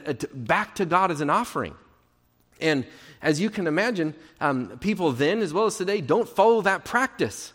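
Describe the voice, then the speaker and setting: A male pastor delivers a sermon in a fairly high voice, earnest and shifting between emphatic stress and near-whispered hush. His words ring out with a long hall reverb.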